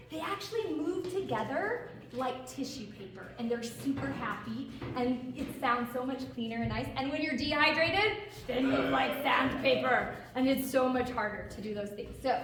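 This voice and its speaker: High-voiced woman coaching kids from afar. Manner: animated and encouraging, asks the audience questions. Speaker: theater and vocal coach. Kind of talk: talk to a group of kids. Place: room full of kids, heard from far off. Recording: echoey room, distant mic, background noise.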